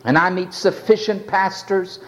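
A man's voice: high voice, steady tone, a little slow, a bit bright. A man preaching a sermon with passion, pleading and acting out the voices of the people he quotes. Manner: impassioned preaching, dramatically acting out quoted speakers. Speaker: pastor.

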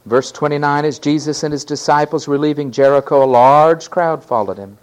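A man preaching a sermon, swinging from emphatic shouting down to a hushed near-whisper and repeating key phrases for effect. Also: fairly high pitch, a little fast.

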